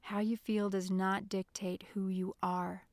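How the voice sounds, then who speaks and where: A woman reading the part of a gentle, encouraging young man in an audiobook, speaking softly and reassuringly. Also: mid-range voice, flat delivery, a little slow, no room sound, lightly acted. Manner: soft, hushed and reassuring.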